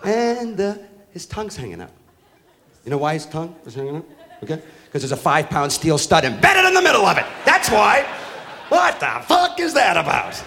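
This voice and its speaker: A man's voice: high-pitched, huge pitch swings, brisk, creaky. Profane ranting male stand-up comic. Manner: profane ranting with rising shouted outbursts. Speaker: stand-up comedian. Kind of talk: stand-up comedy routine. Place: live comedy venue with an audience. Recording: live stage recording with faint crowd and noise.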